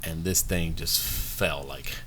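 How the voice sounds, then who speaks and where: A man's voice: rumbling low, fairly even intonation, takes it slowly, pushed and bright, slight background noise. A man casually telling funny job-site stories, laughing often and acting out the people in them. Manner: laughs while telling stories, acts out voices. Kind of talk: casual chat, storytelling.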